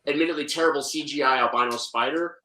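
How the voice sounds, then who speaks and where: Sarcastic man with a bright, echoey voice. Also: a little high, quick pace. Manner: mock-serious, dry sarcasm. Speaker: co-host film reviewer. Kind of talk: sarcastic plot recap in a casual podcast chat.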